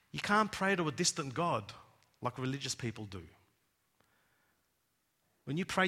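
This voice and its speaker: A man preaching a sermon, dropping to hushed tones and rising to loud emphatic cries. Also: fairly high pitch. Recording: long hall reverb.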